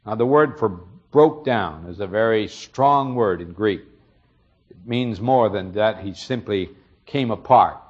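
A man's voice: lowish voice, unhurried, husky, dull audio. A man preaching a sermon, retelling a story earnestly and explaining it, his emphasis rising on key moments.

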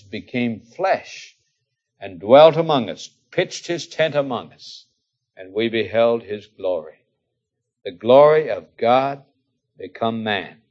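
Slow, emphatic preacher man, lo-fi. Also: mid-range voice. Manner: slow, emphatic preaching with dramatic pauses and dropping to quiet asides. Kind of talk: sermon. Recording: dull, lo-fi older recording.

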